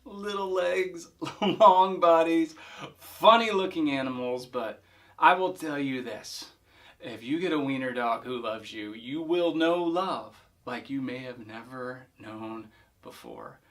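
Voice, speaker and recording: Chatty middle-aged pastor telling a story. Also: male voice, mid-range voice, expressive, measured pace, fairly bright tone. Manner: chatty, repeats words while telling a story. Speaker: pastor and podcast host. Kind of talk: casual storytelling monologue.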